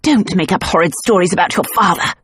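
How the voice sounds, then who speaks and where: A woman's voice: fairly low pitch, quick pace, a bit bright, breathy edge, dry recording. A woman voicing a haughty, imperious hostess who speaks in a clipped, hissing way. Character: haughty adult hostess, sharp-tongued and imperious.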